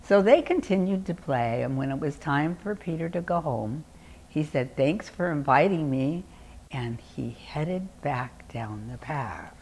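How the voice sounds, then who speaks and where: An older woman telling a children's story in an expressive, animated way. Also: low voice, measured pace, husky.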